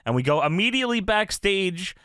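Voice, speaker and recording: Animated, swearing man in casual podcast chat. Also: sits high, fairly quick, smooth, dry recording, studio quality. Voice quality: animated, profane, laughs often, acts out quotes. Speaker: podcast co-host.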